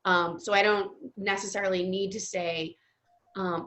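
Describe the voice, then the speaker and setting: A young adult woman, a guest music therapist, tells stories in a casual interview, her medium-pitched voice bright and forceful. She's halting, restarting often with lots of ums, and the recording sounds dull and lo-fi.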